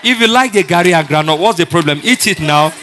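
A man preaching a sermon as a pastor, animated and asking the congregation questions. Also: sits high, fast, crowd noise.

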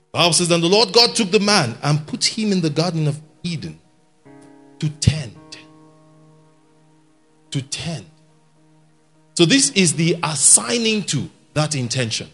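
Lively gravelly preacher man. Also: a little high. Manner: animated, shouts key points and laughs with the congregation. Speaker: guest preacher. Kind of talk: sermon. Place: church hall with an audience.

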